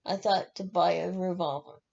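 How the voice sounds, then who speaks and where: Stern older storybook woman, read by a woman, urgent whispers, gravelly and dark-toned. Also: fairly low pitch, steady tone, normal speed, muffled recording.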